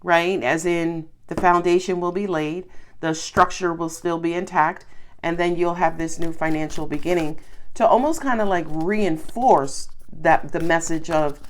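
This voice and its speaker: A woman's voice: fairly low pitch, fairly even intonation, unhurried. A woman with a Southern US accent giving a chatty, reassuring tarot reading to her viewers. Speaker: tarot reader.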